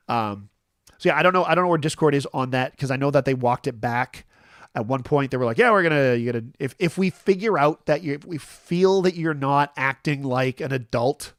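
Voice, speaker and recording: A man's voice: medium pitch, no room sound, clean studio sound. A man about to turn fifty hosts a casual live-stream chat alone, rambling and self-deprecating, with many restarts and fillers. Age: 40s. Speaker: host.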